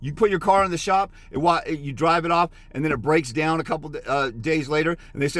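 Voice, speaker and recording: A man's voice: a little high, fast, few pauses, fairly bright tone. A middle-aged man giving a blunt, scolding motivational rant as a fathers' rights consultant, lecturing harshly.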